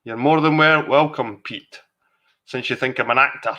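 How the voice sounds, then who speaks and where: A man's voice: medium pitch, steady tone, normal speed, pushed and bright. A slightly tipsy Scottish man hosting a livestream, chatty, sweary and rambling in casual conversation. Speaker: livestream host. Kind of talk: casual chat.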